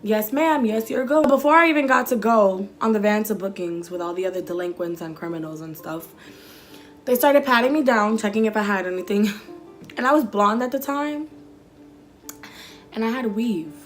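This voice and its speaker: A young woman vlogger telling a story in an animated, sassy way, swearing freely. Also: mid-range voice, moderate pace, soft background music. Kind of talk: storytime vlog.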